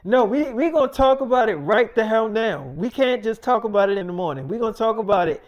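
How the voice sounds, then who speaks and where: A man's voice: sits high, lively intonation, fast, dull audio. A young man doing an angry swearing mother. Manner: swearing, scolding, threatening. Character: furious strict mother scolding her teen daughter.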